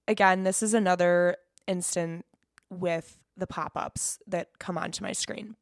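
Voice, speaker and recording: A woman's voice: mid-range voice, no room sound, studio quality. A young woman hosting a casual solo podcast, rambling, swearing freely and laughing as she talks. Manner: rambling, cursing, quick laughs. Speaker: podcast host.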